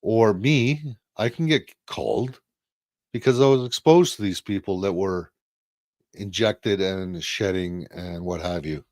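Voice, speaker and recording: Man, lowish voice, blunt live-stream co-host, swears, rhetorical questions, dry close sound. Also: a little slow, no room sound. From Canada. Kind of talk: casual live-stream commentary.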